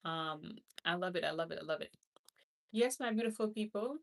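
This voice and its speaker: A woman's voice: lowish voice, expressive, normal speed, recorded from a distance. A woman from Haiti, a hospice nurse, hosting a casual live stream who rambles, repeats herself and greets viewers by name. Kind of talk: casual livestream chat.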